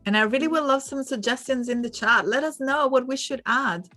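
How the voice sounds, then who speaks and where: A woman's voice: sits high, fairly quick, sharp tone, soft background music. A young woman with an Italian accent that has hints of British and American, chatting casually as a livestream host, laughing often and restarting her sentences. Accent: Italian, with some British and American sounds. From Italy.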